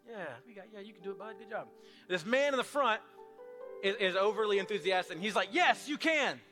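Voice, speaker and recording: A man preaching a sermon as a pastor, swinging from loud, urgent pleading to hushed, quiet appeals. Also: a little high.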